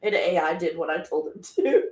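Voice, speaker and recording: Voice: mid-range voice, steady tone, normal speed, a little mellow. A live-stream host in a home room talking casually, blunt and profane, often laughing and getting worked up. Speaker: livestream host. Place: home room with a dog nearby. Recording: echoey room.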